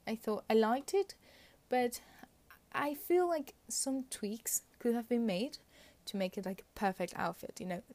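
A woman's voice: a little high, measured pace, darkish tone, no room sound. A woman giving casual, opinionated commentary on royal fashion, chatty with frequent fillers and little laughs.

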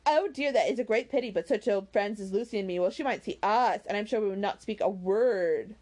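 A woman's voice: medium pitch, brisk, a little mellow, lightly acted. A woman reading aloud, voicing a giggly, simpering young woman who fishes for teasing. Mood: gushing.

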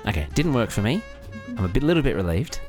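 A man's voice: fairly low pitch, very animated, fast talker, a little mellow, soft background music. A man co-hosting a podcast, blunt and joking, laughing easily. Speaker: podcast co-host. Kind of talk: casual chat. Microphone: studio microphone.

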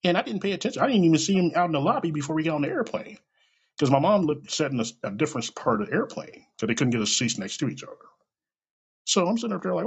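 A middle-aged American man tells a story in a casual, swearing monologue, his husky, gravelly voice rising and falling in a lively way. The recording is dull and lo-fi. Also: medium pitch, fast. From United States. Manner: animated, swears, laughs, acts out dialogue.

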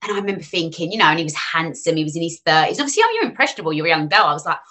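Woman, podcast guest, rapid chatty delivery, lower-pitched, bright tone. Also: very animated. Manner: fast, chatty, acts out quoted people. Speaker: guest, finance author. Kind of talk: casual podcast chat.

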